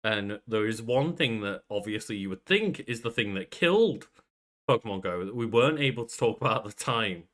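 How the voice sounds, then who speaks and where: A man's voice: on the low side, lively intonation, a little fast, fairly bright tone. A man co-hosting a casual podcast, chatty, laughing often and swearing offhand. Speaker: podcast co-host. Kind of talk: casual chat.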